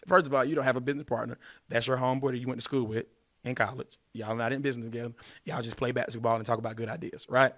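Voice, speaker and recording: A man hosting a casual podcast, laying down dating rules with emphasis. He hammers his points home by repeating words over and over. His voice is mid-pitched and sounds dry and close to the mic. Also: steady tone, quick pace, no room sound. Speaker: podcast host giving dating advice.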